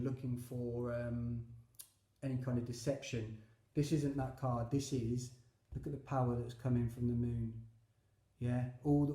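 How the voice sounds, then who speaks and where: A man's voice: medium pitch, dark tone, echoey room. A man giving a chatty, enthusiastic tarot reading, with many fillers and asides. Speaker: tarot reader.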